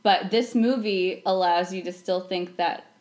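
A woman co-hosting a casual movie podcast, giving thoughtful, measured analysis. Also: lowish voice, fairly even intonation, a little mellow. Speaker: podcast co-host.

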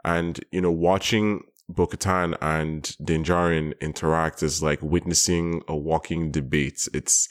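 A man co-hosting a casual chat, thoughtful and rambling, with quick bursts of excitement. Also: extremely low pitch. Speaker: podcast co-host.

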